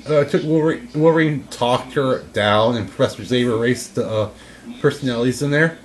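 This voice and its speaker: A man in casual chat as a co-host, talking in a rambling, halting way with frequent restarts. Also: medium pitch.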